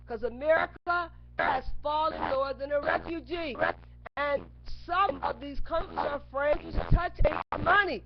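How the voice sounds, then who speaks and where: A woman preaching an impassioned monologue on a webcam. She repeats single words over and over and breaks into sudden shouts. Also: sits high. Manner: repetitive, chanting words over and over; bursts into shouts. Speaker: webcam speaker. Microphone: webcam mic. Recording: dull lo-fi webcam audio with clear noise.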